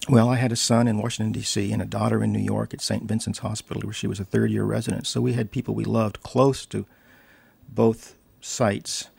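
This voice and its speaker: An older American man, a professor of English, reading from his memoir and answering questions in a measured, reflective way. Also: on the low side, level tone, gravelly, darkish tone, slightly rough, no echo. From United States.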